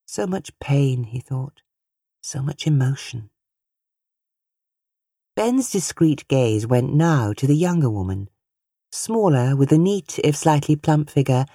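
A woman reading a novel as an audiobook narrator, measured and expressive, recorded on a close studio mic. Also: sits low, dry recording.

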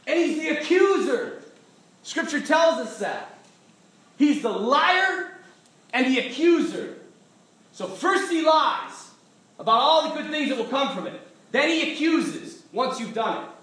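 Animated, joking male pastor preaching. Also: extremely high pitch, measured pace. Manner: animated, joking, acts out voices. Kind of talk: sermon. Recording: echoey hall from far off.

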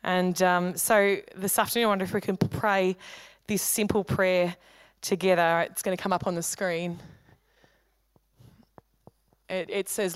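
Woman pastor preaching, chatty and jokey, clear smooth voice, dry sound. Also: lowish voice, flat delivery, no echo. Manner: conversational, humorous preaching with quick asides. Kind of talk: sermon. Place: church hall.

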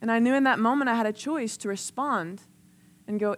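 A woman's voice: on the high side, a little fast. A woman preaching a sermon into a microphone, conversational and earnest, telling personal stories with lots of "like" and building in intensity. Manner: conversational, storytelling with frequent "like".

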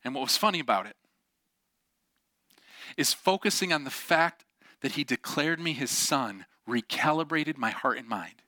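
Animated storytelling preacher, bright dry voice. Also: male voice, mid-range voice, normal speed, long pauses, dry recording. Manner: animated storytelling with acted-out quotes. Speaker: pastor. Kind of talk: sermon.

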